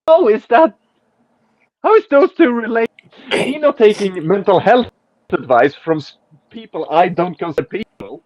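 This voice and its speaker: A podcast host, a man with a high-sitting voice, chats casually while reading out tweets from an online spat, cursing and ridiculing as he goes. The recording is dull lo-fi and dry, with no echo.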